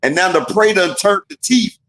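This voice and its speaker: Guy with a high voice, cursing a lot while he breaks down a boxing fight on a stream, echoey room. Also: moderate pace. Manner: animated, profane storytelling with acted-out quotes. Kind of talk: casual chat.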